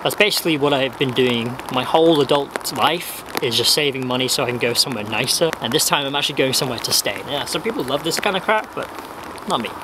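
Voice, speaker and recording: A man's voice: mid-range voice, fast, hardly any pauses, noisy background. A young man talking casually and wryly to the camera from a dim room at his desk, meandering and laughing at himself. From Wales. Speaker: vlogger. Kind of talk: casual rambling vlog.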